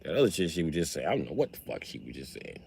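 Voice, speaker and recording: A man hosting a livestream, talking in a casual, profane and animated way as he tells stories. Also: extremely low pitch, very fast, vocal fry, a little hiss or hum. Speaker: livestream host.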